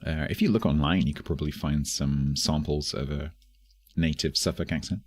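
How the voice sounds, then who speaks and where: Deep-voiced Southeast English man streaming. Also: steady tone, moderate pace. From London. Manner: rambling, dry joking asides. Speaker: game streamer. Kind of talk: casual live-stream chat.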